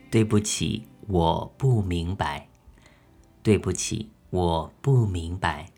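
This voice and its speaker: A man hosting a beginner language-lesson podcast, speaking carefully and repeating each phrase twice for listeners to practice. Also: on the low side. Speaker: podcast host teaching language. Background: soft background music.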